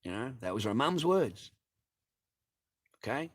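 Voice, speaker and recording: A man's voice: medium pitch, big pitch swings, a little slow. A man with a daughter, ranting to his livestream audience in a profane, heated and mocking way. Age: adult with a child.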